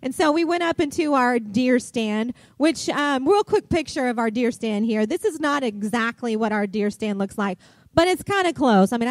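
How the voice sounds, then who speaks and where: Chatty high-voiced woman pastor telling a story. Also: no echo. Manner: chatty, animated storytelling with lots of fillers. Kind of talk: sermon with personal story.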